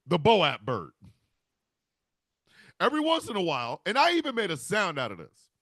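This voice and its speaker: Guy riffing a funny story, swears a lot, voice bouncing around, bright and sharp. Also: fairly high pitch, dry recording, studio quality. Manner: animated, profane, rambling. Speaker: comedian host. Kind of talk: comic storytelling monologue.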